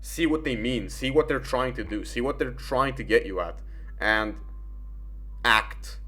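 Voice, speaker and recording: A man's voice: medium pitch, measured pace, sharp tone. A young man giving rambling, casual commentary while gaming, full of fillers and swearing.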